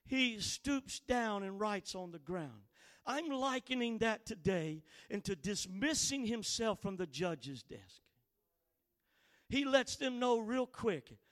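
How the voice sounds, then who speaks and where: High-voiced man preaching with fire. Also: sing-song. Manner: impassioned, building to shouted emphasis; reads scripture slowly and deliberately. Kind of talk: sermon.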